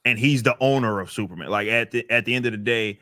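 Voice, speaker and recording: A man's voice: medium pitch, fast talker, sharp tone, no room sound. Brief: man, mid voice, dry close recording, profane casual rant. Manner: ranting, profane, repeats words while thinking. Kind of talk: casual podcast chat.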